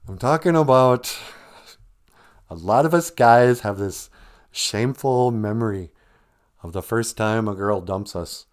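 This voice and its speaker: A man's voice: fairly low pitch, a little slow, pauses often, clean tone. A man hosting a livestream, giving humorous casual advice and laughing between lines. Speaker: livestream host and language teacher.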